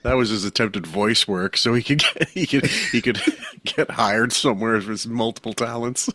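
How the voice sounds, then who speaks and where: A man's voice: medium pitch, normal speed, sharp tone, dry recording. A man co-hosting a podcast, making joking, mocking comments about a clip. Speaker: podcast co-host.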